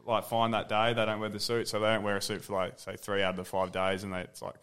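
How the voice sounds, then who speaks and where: Aussie young guy rattling off club yarns fast, laughs a lot. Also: lowish voice, monotone, fairly bright tone, smooth. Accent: Australian. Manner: laughing storyteller. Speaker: guest footballer. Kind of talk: casual chat.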